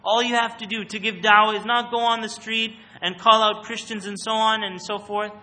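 Male speaker giving a religious talk on a mic, fairly high and very bright, quizzes the crowd. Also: flat delivery, normal speed. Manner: questions the audience and calls on them. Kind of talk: interactive religious talk to an audience. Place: room with a live audience. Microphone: microphone.

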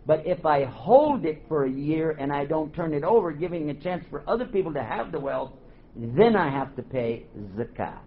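A man giving a religious lecture to a live audience, animated, quizzing the crowd and joking. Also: fairly high pitch, normal speed. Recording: dull lo-fi recording, faint hiss.

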